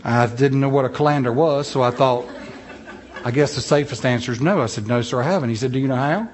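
A man's voice: medium pitch, fast talker, slight background noise. A middle-aged man with a North Carolina Southern accent, telling funny stories in a folksy, self-deprecating talk. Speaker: speaker giving a talk. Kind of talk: humorous storytelling talk.

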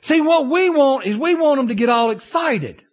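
Animated preacher man, lively pitch. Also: moderate pace. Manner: animated storytelling preacher, swings between loud bursts and low asides. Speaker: pastor. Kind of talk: sermon.

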